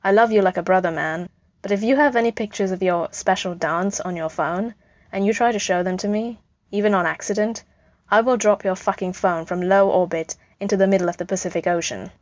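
A woman voicing a blunt, wry adult man with a sarcastic, deadpan manner, in a dull lo-fi recording. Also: medium pitch, a little fast, dry recording, close to an everyday voice. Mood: firm.

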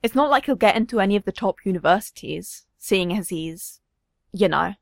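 A woman's voice: mid-range voice, lively intonation, normal speed, creaky, no room sound, studio quality. Woman doing a blunt, dismissive father.

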